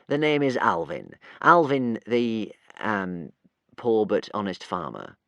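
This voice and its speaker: A man voicing a charming, theatrical swindler in a storybook, lower and softer than his narration. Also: big pitch swings, takes it slowly, creaky, no room sound, lo-fi sound, heavily acted. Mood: smarmy. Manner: slippery, oily charm. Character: smooth, sly male con man, charming and theatrical.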